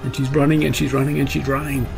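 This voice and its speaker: A man with a gravelly, creaky edge to his mid-pitched voice talks through a show's episode as a reaction host. He gets swept up as he retells it, voicing his own gasps and pleas to the characters. Faint music hums underneath. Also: flat delivery, fast talker, poor audio. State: choked up. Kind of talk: enthusiastic episode recap.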